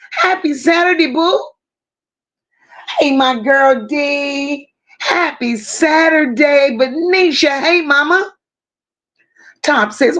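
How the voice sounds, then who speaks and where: High-pitched woman greeting her livestream chat. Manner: warm drawn-out greetings, reads chat aloud. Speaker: livestream host.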